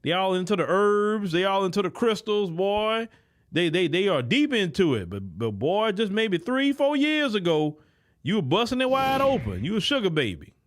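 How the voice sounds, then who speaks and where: Male host, fairly high voice, emphatic lecturing commentary, filler-heavy. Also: sing-song, normal speed. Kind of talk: commentary monologue.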